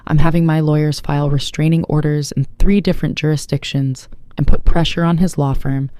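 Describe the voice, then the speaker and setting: A narrator voicing a protective mafia boss, a man who speaks in a calm, measured way. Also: medium pitch, clear, resonant tone, no echo, natural voice. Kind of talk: scripted audiobook narration.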